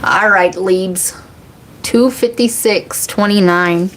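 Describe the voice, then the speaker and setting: A woman's voice: mid-range voice, slow, a bit bright, a little hiss or hum. A woman, chatting casually on a livestream as a psychic reader, laughing often and cursing freely. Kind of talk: casual live chat reading comments.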